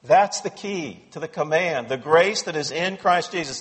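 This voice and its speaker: A man's voice: fairly high pitch, animated, moderate pace, long reverb tail. A man preaching an expository sermon to his congregation, pressing points with emphatic repetition. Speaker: pastor. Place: church sanctuary.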